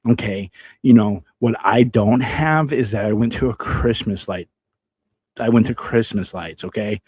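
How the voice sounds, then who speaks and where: A man's voice: mid-range voice, darkish tone, breathy edge, no echo. Guy, heated livestream rant, cusses a lot, sarcastic, mid-range voice. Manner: heated, profane, sarcastic, repeats himself. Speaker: vlogger addressing a rival.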